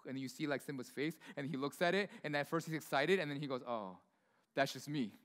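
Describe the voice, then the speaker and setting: A man preaching a sermon in a church, in a chatty, informal way full of asides and quick questions to the congregation. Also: a little high, a bit bright. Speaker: pastor. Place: church sanctuary. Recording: long hall reverb in a church.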